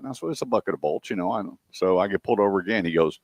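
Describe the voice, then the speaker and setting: A man's voice: deep voice, rapid-fire, no echo, clean studio sound. A man hosting a radio show, telling stories casually and acting out what others said. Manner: animated storyteller, acts out quotes.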